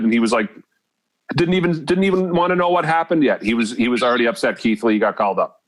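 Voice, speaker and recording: A man's voice: medium pitch, expressive, fast. A man hosting a podcast, casual and laid-back, laughing along with his guest. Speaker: podcast host.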